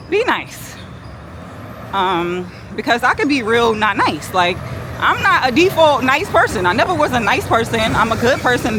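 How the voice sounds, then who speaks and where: A woman, vlogging to a handheld camera on a cold, windy city street, talking bluntly and playfully in slang. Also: on the high side. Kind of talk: casual vlog monologue.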